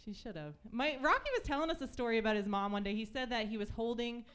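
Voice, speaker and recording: Young woman, stand-up comedian, chatty storytelling, fairly high smooth voice, comedy club stage. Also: lively intonation, quick pace, fairly bright tone.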